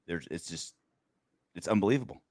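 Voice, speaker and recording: A man's voice: low-pitched, animated, a little fast, darkish tone, no echo, studio quality. A man co-hosting a post-game football podcast, bantering crudely and joking. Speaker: podcast co-host.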